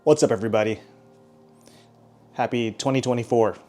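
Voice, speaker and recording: A man's voice: medium pitch, steady tone, moderate pace, warm tone, soft background music. Chatty young man vlogging. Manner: chatty, upbeat, self-deprecating asides. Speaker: fitness vlogger. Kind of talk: casual vlog narration.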